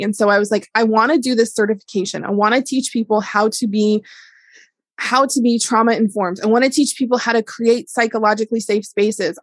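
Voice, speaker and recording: Middle-aged woman, a touch high, solo podcast talk, candid and chatty, dry close sound. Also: dry recording. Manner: candid, chatty, heavy use of "like". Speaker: wellness educator and business owner. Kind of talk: casual solo podcast monologue.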